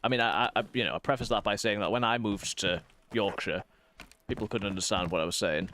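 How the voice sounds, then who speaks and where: A man in his thirties with a softened northeast English accent, chatting casually while streaming a game and rambling through quick asides. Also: fairly low pitch, a little hiss or hum. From northeast England. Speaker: streamer and vicar. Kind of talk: casual gaming stream chat.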